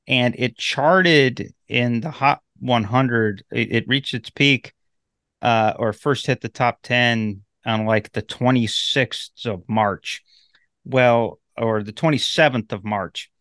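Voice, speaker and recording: A man's voice: medium pitch, takes it slowly, fairly bright tone, no room sound, studio quality. A man co-hosting a podcast, chatting casually with many fillers, restarts and some swearing. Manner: rambling with many fillers and profanity. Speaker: podcast co-host. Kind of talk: casual chat.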